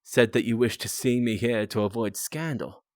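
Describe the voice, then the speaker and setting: A man's voice: medium pitch, moderate pace, darkish tone, no echo, studio quality, natural voice. A man voicing a grim, dying old man with a put-on Australian accent, in a storybook reading. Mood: grave.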